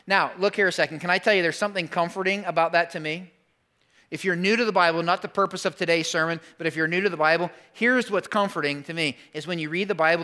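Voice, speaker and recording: Preaching to his congregation, this male pastor speaks in a high voice with a sharp tone, keeping things conversational and asking rhetorical questions.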